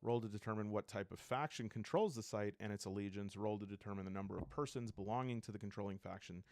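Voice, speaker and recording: A man's voice: fairly low pitch, quick pace, a little mellow, no echo. A man casually flipping through and reviewing a tabletop game book, rambling and thinking aloud with enthusiasm.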